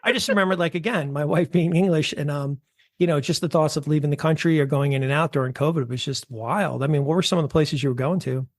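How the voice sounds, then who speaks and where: An American man hosting a podcast interview, chatty and quick to laugh, who tends to wander off topic. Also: on the high side, no room sound, clean studio sound. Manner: chatty, laughs easily, digresses. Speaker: podcast host. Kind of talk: casual interview.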